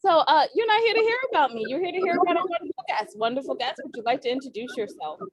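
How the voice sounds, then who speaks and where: A woman hosting a casual interview, chatty and quick to laugh, with a tickle in her throat. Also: high-pitched, lively intonation, no echo, low-quality recording. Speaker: host.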